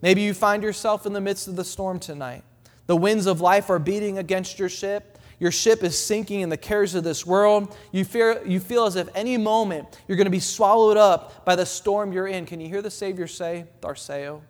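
A man preaching a sermon in a church, building his points through repeated phrases and dropping his voice soft for quoted words of comfort. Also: high-pitched, steady tone, normal speed. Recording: long reverb in a hall.

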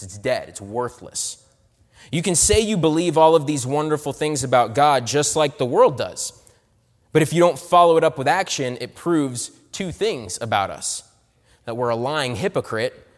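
A man delivering a sermon in a fairly high voice, his lines rising to loud emphasis and dropping to hushed, low asides. The sound carries a long hall reverb. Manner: dynamic, swings between loud emphasis and soft low asides. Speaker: preacher.

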